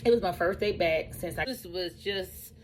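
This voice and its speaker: A woman who runs a truck driving school tells her own story in a casual, animated way, repeating phrases for emphasis. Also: lowish voice, normal speed, a little hiss or hum, rough recording.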